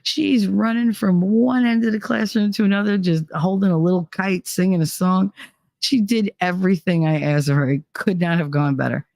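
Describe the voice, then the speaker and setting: A woman hosting a podcast who tells casual stories in an animated, profane way, leaping up in pitch when she quotes people. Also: normal speed, vocal fry, no room sound, studio quality. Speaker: podcast host. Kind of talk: casual storytelling.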